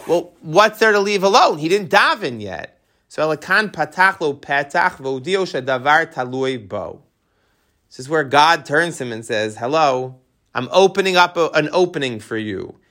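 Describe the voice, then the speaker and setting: A man teaching a text study class, animated and tossing rhetorical questions to his students. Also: a little high.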